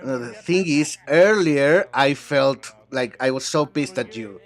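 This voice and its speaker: A man's voice: mid-range voice, lively intonation, a little slow. A man voicing an English dub of reality-show banter alone, sassy and bickering as he switches between several speakers. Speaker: translator dubbing a reality show.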